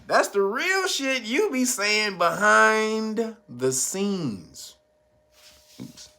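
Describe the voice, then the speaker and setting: A man hosting his own channel, telling a story in casual, slangy commentary, animated and chuckling often. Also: high voice, drawn-out words. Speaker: channel host.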